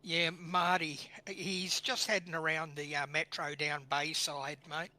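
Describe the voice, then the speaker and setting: A man's voice: a little high, flat delivery, unhurried, sharp tone. An Australian man from Western Sydney co-hosting a live stream, chatting in a friendly way and greeting viewers by name. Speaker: co-host. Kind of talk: casual live-stream chat.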